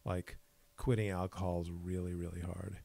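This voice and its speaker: A man hosting a podcast, thinking aloud in casual chat with halting phrasing and restarts. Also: low-pitched, little pitch movement, creaky, warm tone, no room sound. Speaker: podcast host.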